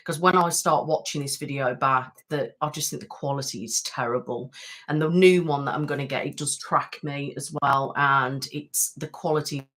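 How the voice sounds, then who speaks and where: A woman's voice: low voice, steady tone, normal speed, fairly bright tone. A woman from the West Midlands of England with a West Midlands accent, chatting casually and self-deprecatingly on a live stream, with many ums. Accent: West Midlands English. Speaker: ASMR channel host. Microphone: webcam setup at home.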